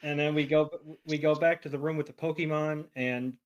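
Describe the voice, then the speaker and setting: A man's voice: fairly high pitch, steady tone, brisk, highs cut off. Rambling man in casual podcast chat. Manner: rambling, full of "you know" and "um". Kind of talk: casual chat retelling an episode.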